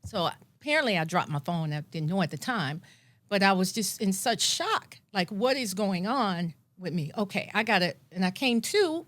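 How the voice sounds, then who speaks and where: A woman's voice: mid-range voice, normal speed, no echo. Woman telling a vivid personal story. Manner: animated, acts out her own past thoughts. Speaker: guest.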